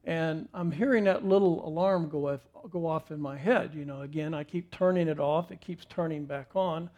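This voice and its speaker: A man's voice: fairly high pitch, moderate pace, darkish tone, muffled recording. A middle-aged man preaching a sermon and telling a folksy, self-deprecating story about his home life before turning to the text. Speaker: pastor.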